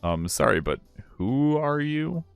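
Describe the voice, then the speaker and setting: A man's voice: on the high side, slow, vocal fry, smooth, no echo, faint music behind, pitched above the performer's own voice, full character voice. A man voicing an awkward, wary young male defense attorney in a fan dub of a courtroom game. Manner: hesitant, deadpan.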